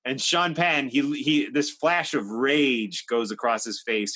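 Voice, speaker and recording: Bright-voiced man in his fifties, chatty. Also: mid-range voice, unhurried, hardly any pauses. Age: 50s. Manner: chatty, anecdotal, with frequent fillers and restarts. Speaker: talk show host. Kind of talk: animated storytelling. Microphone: live stream microphone.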